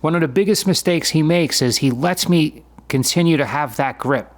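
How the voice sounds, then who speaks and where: At a moderate pace and slightly high pitch, a man in his fifties narrates his sparring footage from grappling. The voice-over is conversational, explaining things in a matter-of-fact way.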